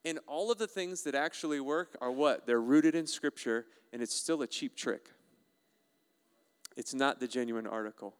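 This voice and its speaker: A man preaching a sermon as a pastor, animated and playful, often putting questions to the congregation. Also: mid-range voice, moderate pace, clear, resonant tone. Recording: resonant voice with long hall reverb.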